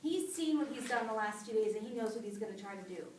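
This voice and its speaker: A woman's voice: on the high side, quick pace, far from the mic, slight background noise. Chatty young woman telling a story. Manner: chatty, animated, with fillers. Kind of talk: casual oral storytelling to an audience. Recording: echoey room, voice from off-mic.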